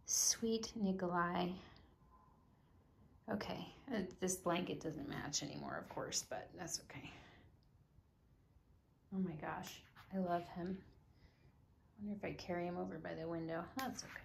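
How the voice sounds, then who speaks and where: Casual vlogger, woman, lowish gravelly voice, drifts into whispers, faint hiss behind. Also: animated, normal speed, long pauses. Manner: chatty, drops into soft whispers. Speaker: doll collector vlogger. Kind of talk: casual chat to camera.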